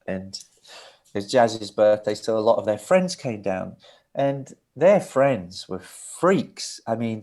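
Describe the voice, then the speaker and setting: A middle-aged record producer with a lowish, slightly mellow male voice sits for an interview and tells an animated, long-winded story. He rambles vividly, acting out each quote in the voices of the people involved.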